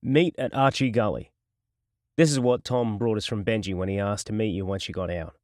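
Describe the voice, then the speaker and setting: A man's voice: lowish voice, brisk, no room sound, clean studio sound, natural voice. A man voicing a sadistic male gangster interrogator who taunts and threatens in a mocking, menacing way, from an audiobook. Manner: mocking, menacing, swings to shouting.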